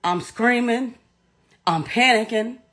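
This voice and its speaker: Slow and a bit bright, her voice sits on the high side. She's a middle-aged woman in an interview giving a personal account, emotional and blunt, swearing and repeating herself as she tells it.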